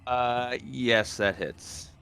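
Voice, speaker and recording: A man playing a tabletop game, thinking aloud through his turn in an unhurried way. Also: mid-range voice, fairly bright tone, faint music behind. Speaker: player. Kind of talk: tabletop game play on stream.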